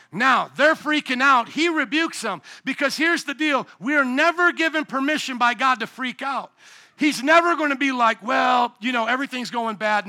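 A middle-aged man preaching a sermon in church, animated and shouting at the high points. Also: creaky. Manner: animated, shouting at peaks, acts out voices. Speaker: pastor. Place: church sanctuary.

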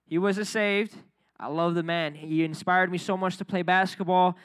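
A young man preaching a casual, energetic youth sermon, building up to near shouting at its peaks. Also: high voice, moderate pace, smooth.

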